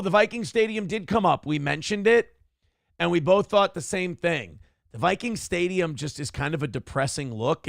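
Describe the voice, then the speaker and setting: Brief man hosting a show, gravelly higher voice, sarcastic and profane, dry close sound. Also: no echo. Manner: profane, sarcastic, self-mocking. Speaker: talk show host. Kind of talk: casual live-stream chat reading viewer comments.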